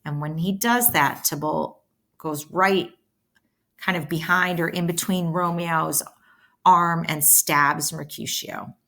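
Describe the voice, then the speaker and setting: A woman with a fairly low voice is teaching a play. She reads its lines aloud with some energy, then breaks off to explain them in simple, everyday words. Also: takes it slowly, gravelly. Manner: switches between plain explaining and lively line reading.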